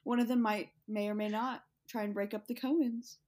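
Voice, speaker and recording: A woman's voice: on the high side, steady tone, brisk, a little mellow. A woman co-hosting a casual chat, rambling through a made-up story with frequent laughter. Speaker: podcast co-host.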